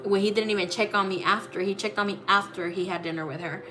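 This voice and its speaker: A woman's voice: mid-range voice, steady tone, quick pace, bright, forceful tone, faint music behind. A woman who reads tarot as a psychic, telling a personal story in a casual, blunt way, swearing freely and using many fillers. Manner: blunt, profane, full of fillers.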